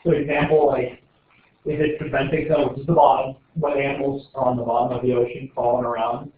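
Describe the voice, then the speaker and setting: A man's voice: mid-range voice, level tone, a little fast. A male teacher running a casual exam review, joking and quizzing his students as he rambles. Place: classroom. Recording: echoey classroom on tinny lo-fi audio.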